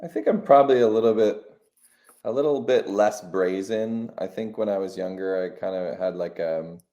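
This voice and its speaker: A man in his thirties from the United States, a musician guest, talking in a relaxed, reflective way and laughing easily. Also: fairly low pitch, normal speed, highs cut off. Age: 30s. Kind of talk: casual chat.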